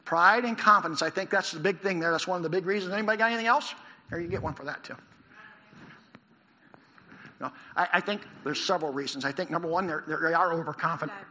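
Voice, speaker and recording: A man preaching a sermon in a church, animated, asking the congregation questions. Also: fairly high pitch, fast. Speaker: pastor. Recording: long hall reverb.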